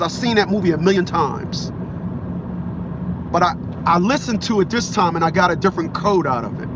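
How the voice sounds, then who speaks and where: A man's voice: sits high, highs cut off, noisy background. Rambling middle-aged man talking in a car. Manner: rambling, repeats himself, acts out quotes. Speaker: vlogger. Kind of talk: casual storytelling monologue.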